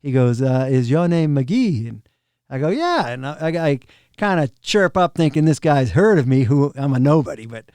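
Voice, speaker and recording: A middle-aged man, a drum tech, casually telling backstage stories on a podcast, animated and often laughing. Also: mid-range voice, a little fast, dry recording. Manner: animated, laughs often, acts out quoted people. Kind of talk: casual storytelling of road anecdotes.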